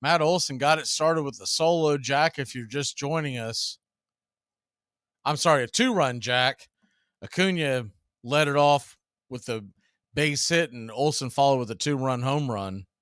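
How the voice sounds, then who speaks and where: A man calling live baseball play-by-play, steady and measured as he calls each pitch and count, with an occasional dry quip. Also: clean tone, no room sound. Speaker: play-by-play announcer.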